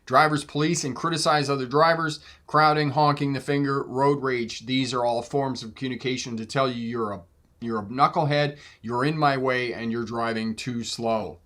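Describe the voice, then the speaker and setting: A man's voice: medium pitch, fairly even intonation, normal speed, fairly bright tone. A man hosting a casual live Q&A as a driving instructor, chatting with viewers, laughing often and acting out exchanges in different voices. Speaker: driving instructor and channel host.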